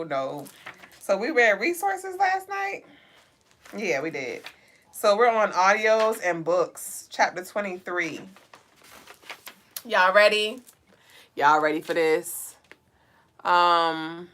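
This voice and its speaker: Woman, livestream host, bright tone, casual playful chat. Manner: talks straight to her chat, loose and playful, with bursts of high laughter. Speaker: livestream host reading viewer comments.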